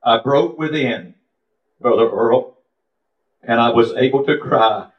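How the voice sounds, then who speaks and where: A man's voice: mid-range voice, slow. A man preaching a sermon in a fervent, confessional way, calling out to members of his congregation. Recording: echoey, dull lo-fi room recording.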